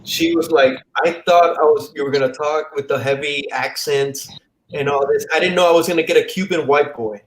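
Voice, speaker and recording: A man's voice: on the high side, fairly even intonation, brisk. A man from the Miami area, a comic YouTuber as guest, telling stories in a rambling way and often repeating words over a video call mic. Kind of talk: casual live-stream chat. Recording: roomy echo, faint hiss.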